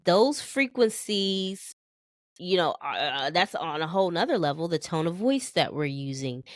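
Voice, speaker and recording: A woman's voice: fairly low pitch, big pitch swings, normal speed, no room sound, studio quality. A woman and mother co-hosting a casual podcast chat, talking in meandering sentences full of restarts and fillers. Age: young adult to middle-aged, a mother. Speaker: podcast co-host.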